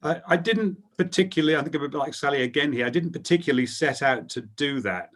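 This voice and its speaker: A man's voice: a little high, quick pace, a bit bright. A middle-aged man, a sports broadcaster on a panel, telling his career story with plenty of ums. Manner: storytelling, hesitant with frequent ums. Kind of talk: anecdotal panel talk.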